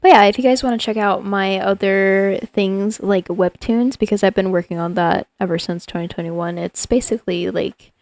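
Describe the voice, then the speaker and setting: A woman's voice: mid-range voice, fairly even intonation, moderate pace, few pauses, darkish tone, dry recording. A woman streaming as a digital artist, chatting casually and playfully with her viewers in a rambling way. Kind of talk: casual livestream chat with viewers.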